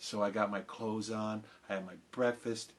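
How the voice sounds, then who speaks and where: A man telling a story with big swings from loud to hushed. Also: fairly low pitch, flat delivery, normal speed. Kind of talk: animated storytelling. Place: home, live stream.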